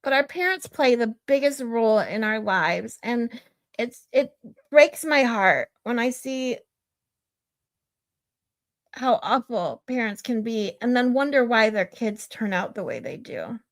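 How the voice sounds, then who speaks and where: A woman's voice: fairly high pitch, big pitch swings, unhurried. A middle-aged woman hosting a livestream who chats casually with viewers, rambles off on tangents, reads out their comments and laughs often. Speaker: livestream host.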